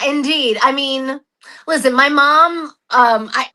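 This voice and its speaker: A chatty woman from New Mexico gives an interview about her stage work. Her voice sits a little high and has a bright, forward tone. She pokes fun at herself and fills pauses with ums. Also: rough recording. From New Mexico, USA. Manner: chatty, self-deprecating, frequent fillers. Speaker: interview guest, solo stage performer. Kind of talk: casual interview chat.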